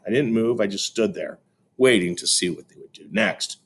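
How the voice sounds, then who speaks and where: A man's voice: lowish voice, normal speed, breathy edge. A man reading a children's novel aloud, narrating expressively with a few small stumbles. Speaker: storybook reader.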